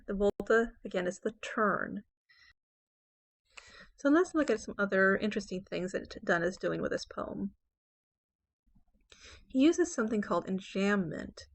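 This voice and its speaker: A woman teaching poetry in an explanatory lecture voice. She checks in with her listeners as she goes and slows right down to read lines of verse with weight. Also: medium pitch. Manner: explanatory, reads verse slowly and dramatically. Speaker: English professor.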